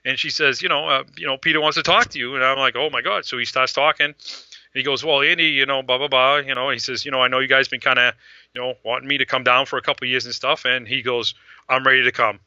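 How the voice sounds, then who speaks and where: A man with a very bright, sharp voice tells a long, rambling story, acting out the other people's lines as he goes. His voice is recorded close and dry, with a dull, lo-fi sound. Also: medium pitch, a little fast, no echo. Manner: rambling, animated retelling with quoted dialogue. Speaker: fan event organizer. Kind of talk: casual storytelling on a podcast.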